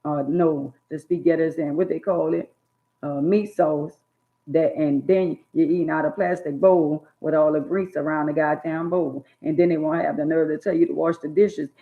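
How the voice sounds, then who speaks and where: A woman in casual chat about her childhood, talking in an animated way and acting out scolding parents in loud bursts. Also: sits low, moderate pace. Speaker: storyteller recalling childhood. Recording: tinny phone-like sound.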